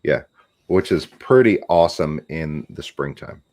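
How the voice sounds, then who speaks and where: A man's voice: a bass voice, animated, a little slow, a little mellow. A man with a southwest Louisiana accent, a guest explaining things in a friendly, casual interview.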